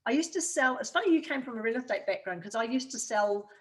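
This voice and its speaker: A woman's voice: on the high side, lively intonation, fast. A woman with a New Zealand accent, a guest in an interview, telling chatty stories and laughing often. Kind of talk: casual interview chat.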